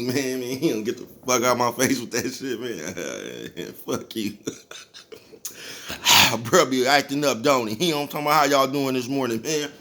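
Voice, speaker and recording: A man's voice: medium pitch, a bit bright. A man giving a casual motivational monologue as a vlogger, laid-back and profane, chuckling often and checking in with his listeners constantly. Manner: laid-back, chuckles often, keeps asking "you know what I'm talking about?"; profane, preachy street talk.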